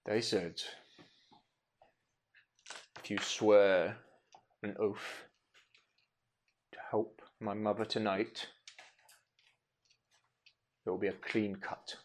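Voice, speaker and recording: A man plays a stubborn young townsman who speaks for his mother and will not give ground. His voice sits fairly low, wrapped in a deliberately bad fake European accent. He is a character in a tabletop role-play. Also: level tone, a little hiss or hum. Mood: insistent.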